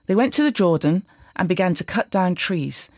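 A woman with a fairly low voice reads scripture at a steady, measured pace. The sound is very dry and close, with no room around it. She lifts her tone a little for each quoted line. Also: no echo. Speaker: Bible reader. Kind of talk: scripted Bible reading.

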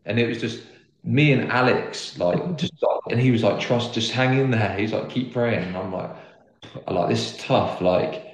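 A man's voice: medium pitch, normal speed. A young man telling a personal story in casual chat, rambling and earnest, with lots of filler words. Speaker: guest footballer. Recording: roomy echo.

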